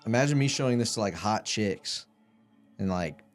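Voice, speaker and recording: A man's voice: on the low side, animated, moderate pace, soft background music. A young man in casual podcast chat, rambling and swearing with lots of fillers. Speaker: podcast guest.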